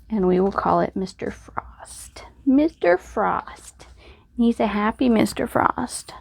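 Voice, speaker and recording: A woman's voice: mid-range voice, creaky, darkish tone, no echo. A woman hosting a crafting video, chatting casually and thinking aloud as she works. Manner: chatty, self-deprecating, thinks aloud while working. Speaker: crafting channel host. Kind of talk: casual crafting tutorial voice-over.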